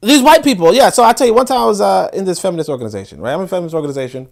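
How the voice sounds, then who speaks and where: A man's voice: high voice, expressive, rapid-fire, vocal fry. A man with a Brooklyn accent hosting a livestream, making emphatic points and repeating words as he builds an argument. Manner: reads viewer comments aloud. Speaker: livestream host. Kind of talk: casual livestream commentary.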